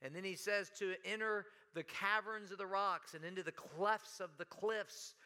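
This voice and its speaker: A man preaching a sermon in a church, animated, breaking into sudden shouts and dramatic quoted lines. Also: high voice, normal speed, smooth. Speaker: pastor. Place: church sanctuary.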